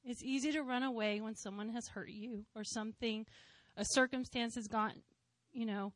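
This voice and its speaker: A woman's voice: a little high, fairly even intonation, moderate pace, no room sound. A woman in her thirties sharing a personal testimony in church, heartfelt and conversational with touches of light humor.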